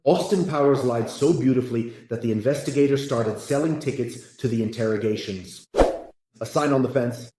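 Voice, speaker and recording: A man's voice: mid-range voice, moderate pace, warm tone. Echoey man reading jokes. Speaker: joke narrator. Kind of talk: scripted joke reading.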